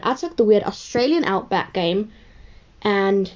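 Girl rambling thru a story, says like a lot, warm low-key tone, kinda muffled audio. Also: normal speed. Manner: rambling, chatty, heavy use of "like". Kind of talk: casual storytelling.

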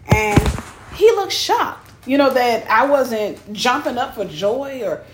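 A woman from tells a personal story in a frank vlog. Her voice sits a little high and has a husky, breathy grain. She speaks candidly and addresses her listeners directly. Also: expressive, slow. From Mississippi. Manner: walking up stairs while talking.

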